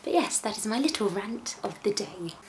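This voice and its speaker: A woman's voice: mid-range voice, expressive, normal speed, slight background noise. A mother chats straight to camera about her son in a casual home vlog. She is candid and chatty and laughs at herself. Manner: chatty, candid, self-mocking. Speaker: vlogger, mother.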